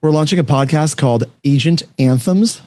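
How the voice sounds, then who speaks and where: On a video call, a man hosts a casual panel chat, telling stories fast with upbeat enthusiasm. His voice sits fairly high with a darkish tone, and there's no echo.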